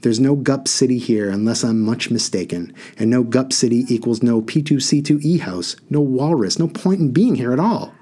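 A man's voice: medium pitch, moderate pace, hardly any pauses, mellow, husky, lightly acted. A man voicing an upset, doubtful young boy who protests in exasperation. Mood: protesting.

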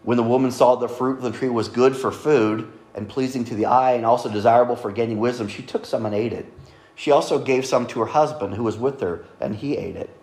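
A man's voice: mid-range voice, a little fast, darkish tone. A man preaching a sermon at a microphone in a conversational way, with joking asides. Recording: echoey room.

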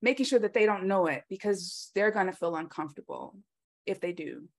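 A woman's voice: mid-range voice, fairly quick. A woman speaking in a casual conversation, telling personal stories with lots of ums. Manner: animated storytelling with frequent ums.

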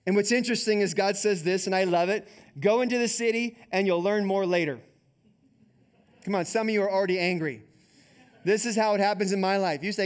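Male pastor, high voice, chatty animated sermon delivery. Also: a little fast, clear, resonant tone. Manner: conversational, animated preaching with repeated "like".

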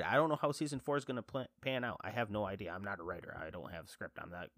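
A man's voice: on the low side, rapid-fire, hardly any pauses, a bit bright, dry recording, clean studio sound. A man chatting casually to his viewers as a fan, rambling and enthusiastic, with many fillers and restarts. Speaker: vlogger reviewing a TV series. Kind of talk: casual chat to camera.

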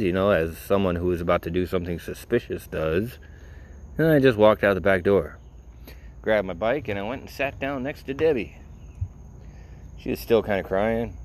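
Deep-voiced man rambling through a story. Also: a little mellow, a little hiss or hum. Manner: rambling, loaded with fillers, wry and profane. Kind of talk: casual personal storytelling.

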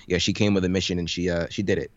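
A man's voice: deep voice, very fast, muffled recording. A man co-hosting a podcast, chatting casually about a game show with frequent ums and repeated words. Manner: relaxed, speaks with ums and repeats. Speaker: podcast co-host. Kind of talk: casual podcast recap chat.

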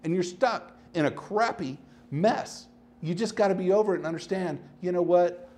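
A man hosting his own podcast, talking casually and rambling through stories, swinging between animated bursts and low asides. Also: normal speed. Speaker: podcast host. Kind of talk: casual solo podcast monologue.

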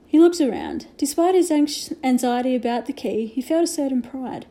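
A woman reading a children's novel aloud with gentle storytelling and hushed asides. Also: sits high, moderate pace, hardly any pauses. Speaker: reader.

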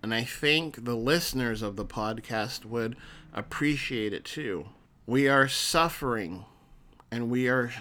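A man with a bright, forceful voice speaks slowly and earnestly in a solo podcast monologue. He sounds like a counselor encouraging his listeners, and he often restarts his sentences. His pitch sits in the middle of the male range.

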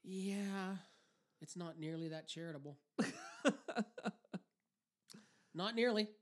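A man's voice: sits high, slow. A man co-hosting a podcast in casual chat, profane and rambling, often laughing. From Canada. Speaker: podcast co-host.

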